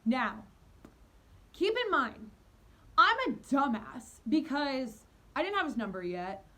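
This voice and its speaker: High-voiced, giggly young woman storyteller. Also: takes it slowly. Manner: animated, giggly, self-mocking. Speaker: vlogger. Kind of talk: storytime vlog.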